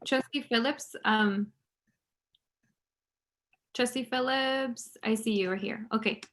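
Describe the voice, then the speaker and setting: A woman's voice: fairly high pitch, slow, fairly bright tone. Polite woman chairing a video meeting. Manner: procedural, polite. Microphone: video call.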